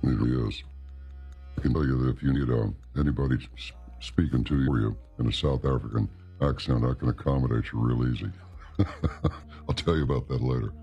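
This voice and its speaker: A man hosts a radio talk show and keeps the interview moving in a brisk, jokey way. His voice is extremely deep and rough with gravel. Music plays clearly behind him. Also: fairly even intonation, dark tone, muffled recording.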